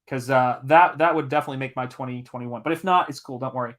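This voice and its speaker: A man from Tennessee hosting a live stream, chatting casually and telling an animated, emphatic story with occasional swearing. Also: medium pitch, fast. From Southern United States, Tennessee. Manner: animated, emphatic storyteller who reads out chat comments and swears when worked up. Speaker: live-stream host and comic artist.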